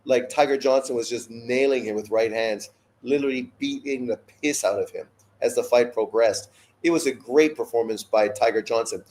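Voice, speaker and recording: A man's voice: mid-range voice, a little mellow. A man hosting a live boxing watch-along, ranting bluntly and swearing freely between fight talk. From Canada. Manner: blunt, profane, opinionated rants. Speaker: boxing show host.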